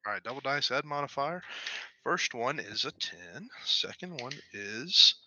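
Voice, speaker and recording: Male player, bright edgy tone, dry dull lo-fi sound, restless restarts. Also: medium pitch, lively intonation, measured pace, slight background noise. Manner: thinks aloud, restarts often. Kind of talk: in-character tabletop play.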